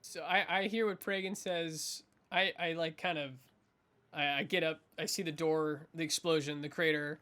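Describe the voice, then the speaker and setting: Bright-voiced guy stumbling through what his character does, lots of "like". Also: fairly high pitch, fairly even intonation, clean tone. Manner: halting, filler-heavy. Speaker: player. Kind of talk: casual tabletop play.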